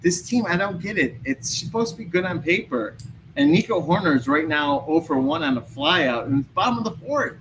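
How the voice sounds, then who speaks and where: Male podcast guest, high-ish voice, very animated, rants and vents in casual chat. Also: brisk, slight background noise, rough recording. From Chicago area. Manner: excitable, ranting, venting frustration.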